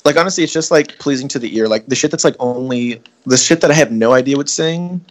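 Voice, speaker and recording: A man's voice: mid-range voice, quick pace. A young man chatting casually with friends, rambling with lots of filler words and swearing. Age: young adult. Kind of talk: casual podcast chat among friends.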